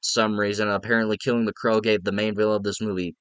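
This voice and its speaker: A man's voice: fairly low pitch, level tone, quick pace, a bit bright, clear, resonant tone, dry recording. A man giving a casual, rambling spoken movie review, frank and often restarting his sentences.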